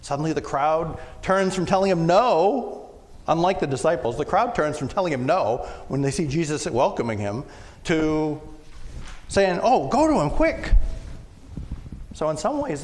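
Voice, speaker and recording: A male pastor giving a conversational sermon, now and then acting out loud shouted quotes. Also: fairly high pitch, expressive, normal speed. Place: church sanctuary. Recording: long church reverb, faint room noise.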